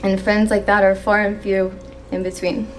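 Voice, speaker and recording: Young woman reading her maid of honor speech off her phone, gets choked up, bit of room noise, mid pitch. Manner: emotional, pausing to steady herself. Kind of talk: wedding toast read from a phone. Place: wedding reception hall.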